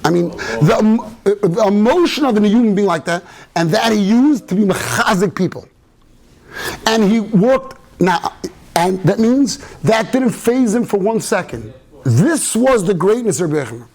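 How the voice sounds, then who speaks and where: Rabbi, male, higher voice; casual storytelling shiur in a synagogue study hall. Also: animated, normal speed, a little mellow. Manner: storytelling, mixing Yiddish and Hebrew terms. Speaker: rabbi giving a talk. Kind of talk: informal Torah talk.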